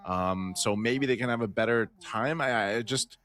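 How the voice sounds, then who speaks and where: Male esports host, mid pitch, upbeat and chatty play-by-play, quick to laugh. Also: fairly bright tone. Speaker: esports caster. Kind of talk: live esports commentary.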